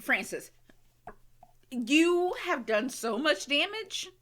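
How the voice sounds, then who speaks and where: A woman hosting a reaction video, excitably talking back to the screen and gushing emotionally in casual commentary. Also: high voice, slow pace, music in the background.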